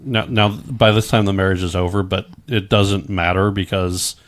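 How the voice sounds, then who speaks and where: A man's voice: sits low, fairly even intonation, moderate pace. A middle-aged man telling his own story in casual chat, rambling with many stammered restarts and frequent swearing.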